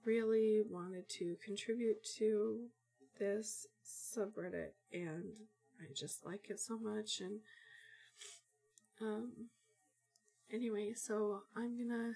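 A woman answering questions in a soft-spoken ASMR recording, sick and sniffling, hesitant and self-deprecating with many fillers, slipping into whispers. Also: medium pitch, expressive, slow, soft background music. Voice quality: husky, partly whispered.

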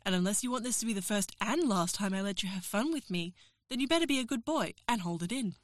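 A woman's voice: medium pitch, animated, quick pace, no echo. Teasing, commanding woman, dry close voice. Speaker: professor character in audio role-play. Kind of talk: erotic audio role-play.

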